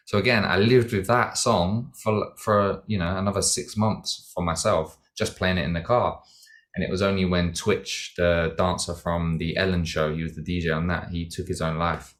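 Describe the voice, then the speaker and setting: Male guest, very low voice, relaxed rambling reflection. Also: normal speed. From Britain. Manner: reflective, rambling with many fillers and restarts. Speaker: podcast guest, dancer and singer. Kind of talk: casual interview chat.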